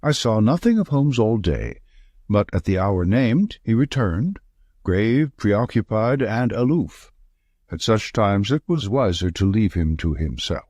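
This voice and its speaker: A man with a low voice narrates an audiobook in measured, storytelling tones. His intonation is lively, and the recording sounds dry and close. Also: no echo. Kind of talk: scripted narration.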